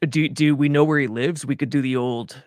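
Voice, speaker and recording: A man's voice: mid-range voice, fairly even intonation, fairly quick, crowd noise. A man working as a sports analyst, trading teasing wisecracks in casual talk-show banter.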